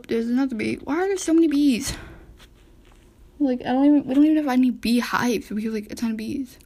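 A woman's voice: fairly high pitch, a little fast, long pauses, mellow, slight background noise. Chatty woman talking to backyard animals. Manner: chatty, easily distracted, talks to animals. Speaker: podcast host. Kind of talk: casual solo chat narrating backyard wildlife. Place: indoors at a window at home.

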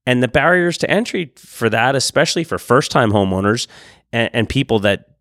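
A man co-hosting a podcast, chatting casually in a relaxed, rambling way with restarts and frank asides. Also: mid-range voice, a little fast, no room sound, studio quality. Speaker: podcast co-host. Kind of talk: casual chat.

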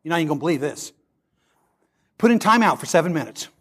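Man, sermon, high-pitched, animated preaching. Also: quick pace, breathy edge. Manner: animated preaching, acting out quoted voices. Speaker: pastor.

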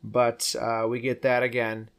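A man's voice: mid-range voice, completely flat delivery, measured pace, clear, resonant tone. A man hosting a podcast, chatting casually about a movie, joking and slipping into quoted lines from the characters. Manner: jokey, slips into quoted character voices. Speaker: podcast host.

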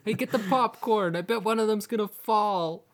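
A woman voicing a desert nomad lookout who jeers at clumsy adventurers, in a high, gleeful, taunting voice. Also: normal speed, close to an everyday voice.

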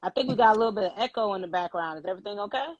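An outspoken, chatty woman hosts a live online podcast, laughing easily between points. Her voice is a little husky and sits in a middle register. The sound is dry and close, with no room around it. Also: mid-range voice, rapid-fire, no echo, muffled recording. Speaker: podcast host.

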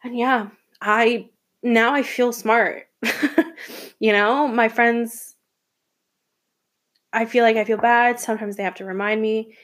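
A woman's voice: a little high, fairly even intonation, slow, long pauses, a bit bright. A young woman from Atlanta hosting her own student podcast, talking emotionally and rambling with restarts and laughs. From Atlanta, Georgia. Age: young adult. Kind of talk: casual solo podcast monologue.

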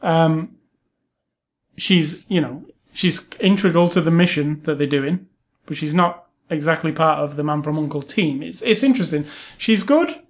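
A man's voice: fairly high pitch, moderate pace. A man co-hosting a casual movie review chat, opinionated and chatty, with frequent ums and restarts. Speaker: podcast co-host.

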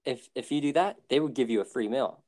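A young man co-hosting a podcast in casual chat, teasing his friend and quick to laugh. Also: medium pitch, darkish tone. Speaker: podcast co-host.

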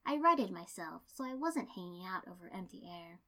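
A woman reading a first-person story aloud in an even, steady narration. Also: lowish voice, moderate pace. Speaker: reader.

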